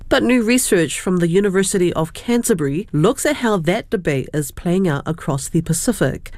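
A woman presenting a news programme, reading scripted headlines in a measured manner. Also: fairly low pitch, darkish tone, no echo. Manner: measured, clear delivery.

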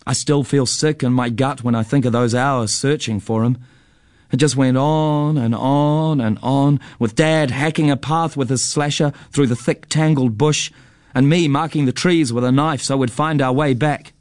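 Storyteller man, measured delivery, mid-pitched voice, very dry close recording. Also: steady tone, a little mellow, no echo. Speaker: narrator. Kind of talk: storybook narration.

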